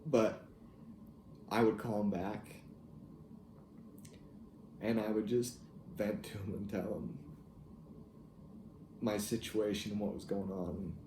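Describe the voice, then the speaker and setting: Young man recounting a family memory; low, warm, hesitant delivery in a roomy space. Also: level tone, a little hiss or hum. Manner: reflective, halting, with soft laughs. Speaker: grandson telling a family story. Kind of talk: casual personal storytelling. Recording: echoey room with faint ambience.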